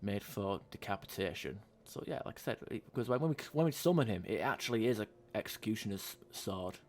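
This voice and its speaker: A man's voice: fairly low pitch, animated, quick pace, darkish tone. A young man hosting a casual game playthrough, chatty and loose, swearing freely and reading item text aloud. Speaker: let's play host. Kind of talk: casual gaming commentary.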